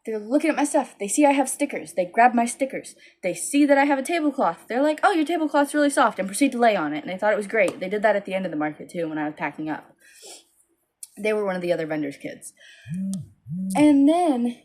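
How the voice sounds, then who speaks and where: A tired young woman tells a rambling storytime vlog into her phone. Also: fast talker. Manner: tired, rambling, animated with high-pitched quoted voices. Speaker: small business owner vlogging.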